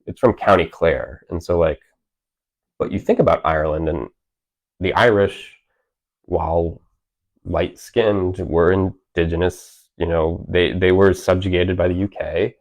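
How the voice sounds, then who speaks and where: A man's voice: low-pitched, unhurried, rough recording. A man in his thirties, an author talking casually at a library event, rambling with lots of filler words and restarts. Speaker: author guest. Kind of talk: casual conversation.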